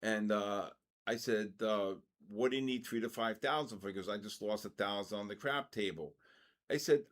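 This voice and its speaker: An older man hosting a live trading session, telling personal stories and calling market moves with loud excitement. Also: fairly low pitch, moderate pace. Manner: storytelling, then loud excited market calls. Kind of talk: live trading stream chat and storytelling.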